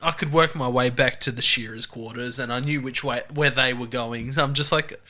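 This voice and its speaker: Australian man, podcast host, casual chat, bright voice, laid-back. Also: medium pitch, fairly even intonation, normal speed. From South Australia. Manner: laid-back, laughing storyteller.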